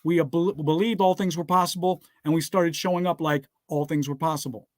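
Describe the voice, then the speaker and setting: High-voiced emphatic man preaching success. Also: fairly even intonation, fairly quick, no room sound, clean studio sound. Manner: emphatic, tells listeners to write things down; repeats "guess what" and "all right". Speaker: motivational speaker. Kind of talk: motivational speech with scripture.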